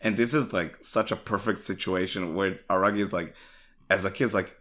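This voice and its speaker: A man's voice: low voice, fairly even intonation, moderate pace, a bit bright. A man co-hosting a podcast, chatting enthusiastically and casually, swearing and using lots of filler words. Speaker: podcast co-host. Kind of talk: casual anime discussion.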